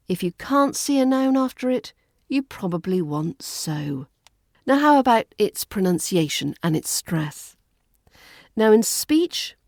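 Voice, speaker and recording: A British woman teaches English on her podcast. She speaks unhurriedly and very deliberately, in a clear teacher's voice. The recording is dry and close, with no room sound. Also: lowish voice, a little mellow, no echo. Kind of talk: podcast lesson.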